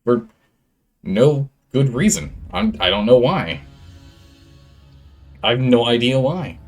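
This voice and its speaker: A man's voice: mid-range voice, expressive, unhurried, long pauses, soft background music. A man streaming a game, chatting casually with viewers while fiddling with his microphone levels. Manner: chatty, distracted while fixing audio levels. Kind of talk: casual live-stream chat. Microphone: studio microphone with gain control.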